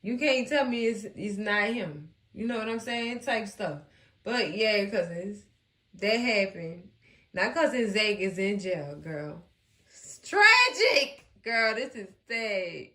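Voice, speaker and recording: A woman hosting a casual TV recap, animated and acting out the characters as she chats to her viewers. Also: mid-range voice, slow, reverberant. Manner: animated, acts out characters, talks to viewers as cousins. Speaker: recap host.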